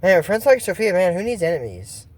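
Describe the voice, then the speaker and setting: A man's voice: sits high, a little fast. A man casually recapping a cartoon episode, rambling with many fillers and joking asides. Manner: rambling, filler-heavy, excitable, jokey asides. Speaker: YouTube cartoon commentator.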